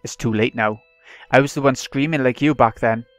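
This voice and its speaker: A man's voice: medium pitch, normal speed, a bit bright, no room sound, soft background music, close to an everyday voice. A man reading the lines of a vengeful teenage girl tormenting her captive, in a cold, mocking manner, in his own voice. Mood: taunting.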